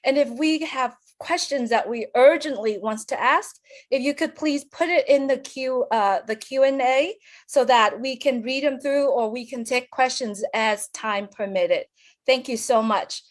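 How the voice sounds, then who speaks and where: A woman moderating an online webinar, giving polite, halting instructions and thanking people often over a video call. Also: high voice. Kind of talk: hosting an online meeting.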